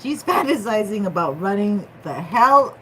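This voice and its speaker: Rich: A woman giving a casual tarot reading, playful and full of slang as she jokes with her viewers. She talks in an unhurried, drawn-out way at a middling pitch. A faint hum of ambient noise sits behind her. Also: animated, a bit bright, low-quality recording. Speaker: tarot reader.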